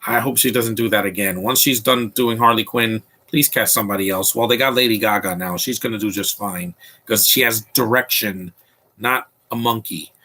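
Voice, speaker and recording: A man with a low, husky voice and a bright, forceful edge, giving casual movie commentary. He rambles and restarts often, airing blunt opinions as the film plays. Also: normal speed. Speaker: podcast commentary host.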